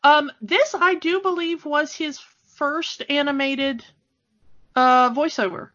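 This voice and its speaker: High, eager woman on a dull recording. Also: steady tone, slow, pushed and bright. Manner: enthusiastic, gushing, many fillers. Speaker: podcast co-host. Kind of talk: casual chat about a cartoon film. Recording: dull lo-fi sound.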